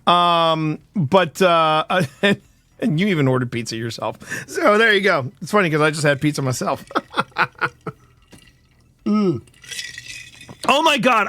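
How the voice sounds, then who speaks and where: A man hosting a live stream in casual chat with viewers, excitable and quick to laugh and shout. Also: a little high, no room sound. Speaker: livestream host.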